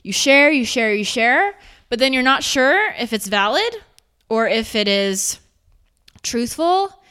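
A woman's voice: on the high side, sing-song, slow, pushed and bright, clean tone. A young adult woman giving a conversational motivational talk as a self-improvement speaker, earnest and explaining her points with examples.

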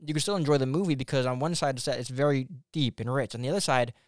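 Young male co-host, hesitant and chatty, mid pitch, dry mic. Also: fast, no echo. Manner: rambling, hesitant, many fillers. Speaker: podcast co-host. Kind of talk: casual movie review chat.

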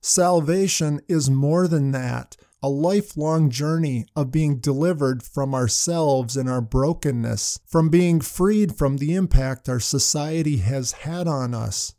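A man's voice: fairly high pitch, a little slow, hardly any pauses, mellow, no echo, clean studio sound. An older man preaching a sermon, telling anecdotes in a storytelling manner. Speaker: pastor.

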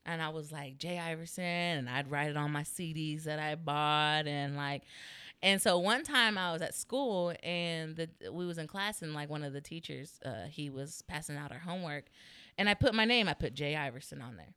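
A young stand-up comedian in her twenties tells a story during a casual interview, laughing often and saying "like" constantly. Her voice sits low at a normal speed, pushed and bright, with a clear, resonant tone. The recording is dry.

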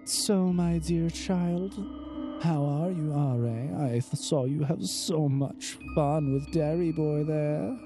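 Tabletop game figure: mocking seductive female demon, slow and drawn out, played by a man. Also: a little high, over music, voice pushed up. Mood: teasing.

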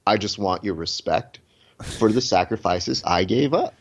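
Male podcast host, lower voice, slightly dull recording, sarcastic joker in casual chat. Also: animated, normal speed. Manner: sarcastic, joking, rambling asides.

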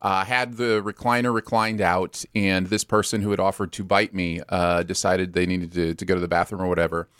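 A man, a podcast co-host, telling a story in casual chat with a wry, measured manner. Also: low-pitched, flat delivery, a bit bright, clear, resonant tone, dry recording, studio quality.

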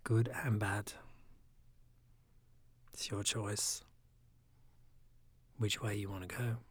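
A man with a raspy, phlegmy throat, talking in a soft, often half-whispered, rambling casual monologue. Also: fairly low pitch, little pitch movement, takes it slowly, no echo.

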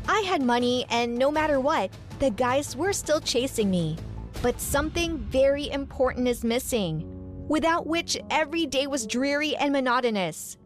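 A woman telling a first-person story for a podcast in a dramatic, resentful manner. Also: sits high.

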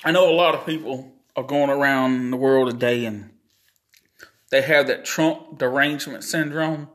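A man hosting a solo podcast, talking slowly and earnestly, his words slurred by a facial palsy. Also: mid-range voice, a bit bright. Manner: slow, deliberate, earnest. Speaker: podcast host.

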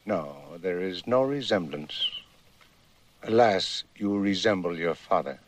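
An actor playing a proud older desert tribal chief in an epic film, with a mocking, boastful manner. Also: male voice, deep voice, lively intonation, measured pace, slight background noise. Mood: sly scorn. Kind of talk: 1960s epic film dialogue.

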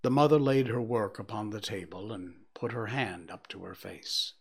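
A man reading a classic story aloud, measured and hushed in quiet passages. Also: lowish voice, creaky, breathy edge. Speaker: narrator.

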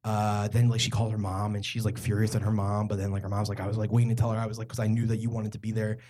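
A man's voice: fairly low pitch, little pitch movement, fast talker, a little mellow. A young man from Philadelphia telling a true story on stage at a live comedy podcast, rambling and self-mocking with plenty of fillers.

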